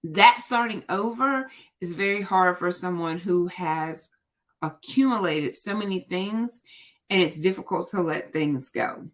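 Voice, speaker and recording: A woman's voice: on the low side, measured pace. Rambling woman hosting a livestream. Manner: rambling, thinking aloud with many fillers. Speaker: livestream host. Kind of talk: casual livestream chat.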